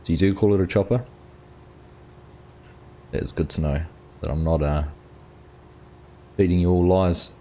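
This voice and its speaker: A man's voice: low voice, unhurried, long pauses, dark tone, slight background noise. An Australian man hosting a live game stream, casually chatting and greeting viewers in chat by name as he plays. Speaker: gaming streamer host.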